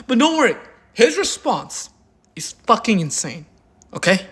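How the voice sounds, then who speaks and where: A man's voice: high voice, very animated, measured pace, a bit bright. A man doing drama commentary in a crude, mocking and heavily profane way. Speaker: commentary YouTuber.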